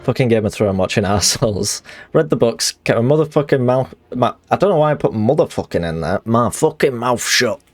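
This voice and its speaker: A man's voice: medium pitch, lively intonation, fairly quick, no room sound. A man streaming a game, chatting casually in a rambling, sweary way that often corrects itself.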